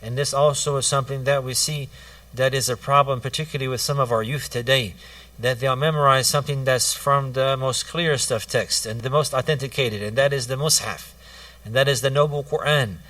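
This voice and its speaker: A man's voice: medium pitch, steady tone, brisk, pushed and bright, no room sound, distant mic. A man giving a religious lesson, repeating key phrases and restarting his sentences as he teaches. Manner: repetitive, restarts phrases, stresses points twice. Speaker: Islamic teacher.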